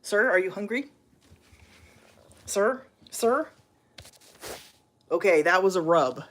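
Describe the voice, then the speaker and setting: A woman's voice: lowish voice, fairly quick, a bit bright. A woman vlogging casually at home, chatting with viewers and talking to her cats. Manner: chatty, talks to her cats, many fillers. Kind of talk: casual chat to camera and viewers.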